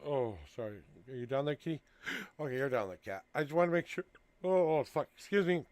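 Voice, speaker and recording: Speaking a little fast in an expressive, mid-range voice that's a little mellow, a man runs a live tarot session from his home with a cat. He counts out the cards, then shares heartfelt spiritual encouragement and blessings; there's no echo.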